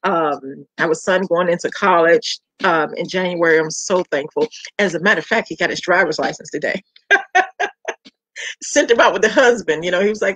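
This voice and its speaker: A middle-aged woman from Georgia with a Southern accent, hosting her food page in a warm, chatty welcome talk that repeats words for emphasis. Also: on the low side, lively intonation, normal speed, slightly rough, no room sound, low-quality recording. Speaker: home cook and food page host. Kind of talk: casual heartfelt welcome chat.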